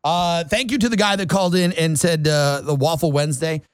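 A man's voice: on the high side, fairly even intonation, a little fast, clear, resonant tone, dry recording. A man hosting a morning talk radio show, chatting in a rambling, playful and self-mocking way into a studio mic. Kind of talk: casual morning radio chat.

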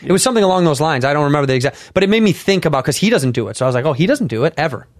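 A man's voice: fairly high pitch, expressive, rapid-fire, no echo, clean studio sound. Brash, profane man in podcast banter. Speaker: comedian guest.

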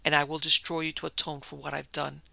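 A man's voice: on the high side, monotone, fast talker, gravelly, bright, forceful tone, no room sound, exaggerated voice. A man playing a tormented preacher. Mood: triumphant. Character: tormented male preacher, fierce and fearful.

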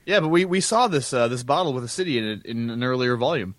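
A man's voice: mid-range voice, lively intonation, fast, fairly bright tone, no echo. Man co-host, laid-back joking chat, dry close sound. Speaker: podcast co-host. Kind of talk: casual chat.

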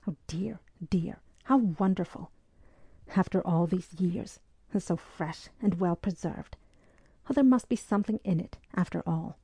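A woman narrating a historical novel aloud, reading in a measured, even way and giving the dialogue soft voices. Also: lowish voice, no room sound. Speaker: audiobook narrator.

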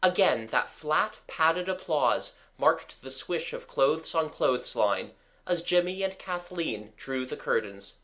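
Audiobook narrator, unhurried, lively pitch, expressive storytelling. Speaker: audiobook reader. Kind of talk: scripted narration.

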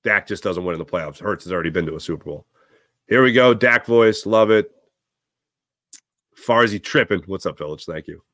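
A man hosting a sports talk stream, casually reading out viewer comments with sarcastic, animated asides. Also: deep voice, fairly quick, no room sound, clean studio sound. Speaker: sports talk show host.

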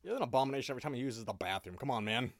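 This podcast co-host chats casually, swearing freely, laughing often and staying animated throughout. His medium-pitched voice is gravelly and very fast. There's no room sound on the recording.

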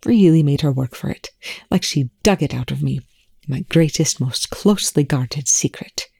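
A coolly cutting, sarcastic male scientist, as the reader puts him on, every line laced with polite contempt. The voice is mellow and dark in tone. The recording is dry and close. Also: medium pitch, moderate pace, vocal fry, breathy edge, dry recording. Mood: scathing. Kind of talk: audiobook-style fan fiction reading.

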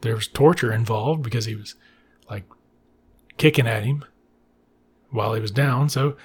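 A man with a gravelly, husky voice retells a movie's plot in loose, profane chat. He drifts into wry side remarks and second-guesses himself as he goes. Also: medium pitch. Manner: profane, wry, rambling asides. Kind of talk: casual movie recap.

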